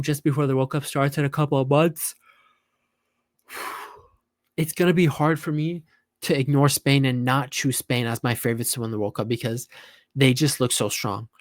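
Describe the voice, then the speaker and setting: A young man giving casual, opinionated football reaction commentary, tired and animated by turns and often repeating himself. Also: medium pitch, no room sound, studio quality. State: tired, yawning.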